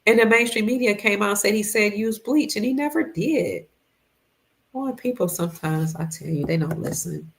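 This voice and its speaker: A woman's voice: medium pitch, normal speed. A woman hosting a casual livestream, greeting viewers by name and reading their comments, a little congested. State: congested, fasting. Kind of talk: casual live-stream chat.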